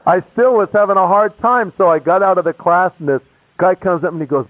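A man's voice: high voice, brisk, no room sound. A man casually and animatedly telling his conversion story, acting out the voices of the people in it. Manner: casual, animated, acts out every voice. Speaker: speaker giving a testimony. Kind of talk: storytelling testimony. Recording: tinny, phone-like, dry.

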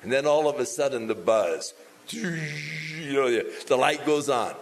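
A man preaching, telling a personal story and acting out the dialogue with lively changes of tone. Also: mid-range voice, a little slow, gravelly, low-quality recording. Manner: animated, acts out quoted dialogue. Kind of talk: sermon storytelling.

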